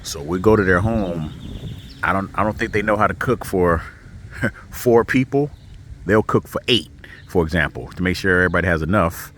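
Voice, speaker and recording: A man talking in a casual personal vlog outdoors, reflective and halting, close to tears, speaking into a handheld camera as he walks. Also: sits low, fairly bright tone, slight background noise. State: tearful. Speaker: vlogger. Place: outdoors walking in a neighborhood.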